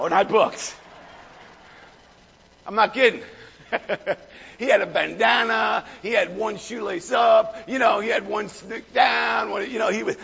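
A hoarse male pastor preaching a fervent sermon, shouting at the peaks and calling out to the crowd. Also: high voice, slight background noise. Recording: echoey hall, dull lo-fi sound.

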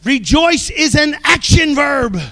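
A man preaching a sermon, fervent, swinging between soft passages and shouted exhortations. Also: extremely high pitch, lively intonation, slow.

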